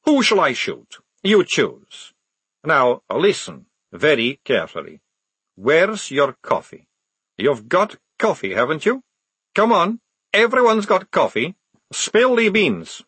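A man voicing an irritable male soldier, cold and snappish, with a husky voice that swings up and down. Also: a little high, huge pitch swings, moderate pace, fairly bright tone, no echo, voice pushed up, exaggerated voice.

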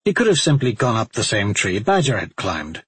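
A man narrating a fantasy novel in a measured storytelling voice. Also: on the low side, very animated, a bit bright, breathy edge, dry recording. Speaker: audiobook narrator.

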